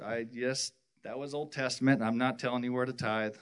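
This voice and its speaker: A man from the worship team giving a personal testimony at church, rambling and halting with many restarts. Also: mid-range voice, steady tone, clear, resonant tone.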